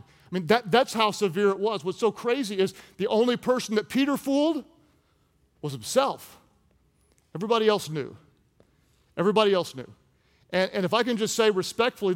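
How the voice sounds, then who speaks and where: A man delivering a sermon in a large, reverberant hall, his voice pitched high for a man. He acts out the people he quotes and swings between loud, urgent lines and low, hushed ones. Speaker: pastor.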